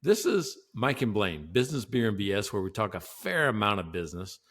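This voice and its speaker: Male podcast co-host, lowish voice, animated and jokey, laughs a lot. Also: a little fast. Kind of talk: casual podcast chat.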